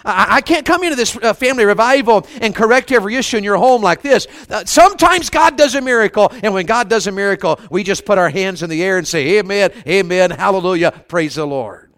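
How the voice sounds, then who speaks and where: A man's voice: high-pitched, lively intonation, fast, hardly any pauses, fairly bright tone. A man preaching a revival sermon, telling funny stories in a folksy, conversational way and calling on the congregation for amens. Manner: humorous storytelling, asks the crowd for amens.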